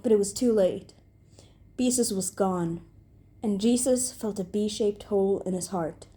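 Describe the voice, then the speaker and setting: A young woman reading comic fan fiction aloud, deadpan with occasional giggles. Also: mid-range voice, measured pace. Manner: breaks into giggles, deadpan delivery. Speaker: reader.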